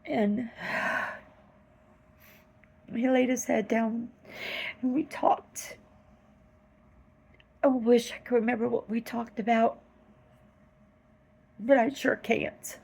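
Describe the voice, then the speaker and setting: Woman storyteller, fairly high voice, very slow and earnest, emotional. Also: fairly even intonation, creaky, a little mellow, husky, rough recording. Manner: slow, halting, earnest retelling. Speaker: vlogger telling a dream. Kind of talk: personal storytelling.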